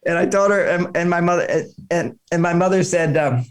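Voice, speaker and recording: An older male author, interviewed amid crowd noise, tells stories in a high-pitched, fairly quick voice. He's an animated storyteller who acts out the voices of the people he quotes during the conversation.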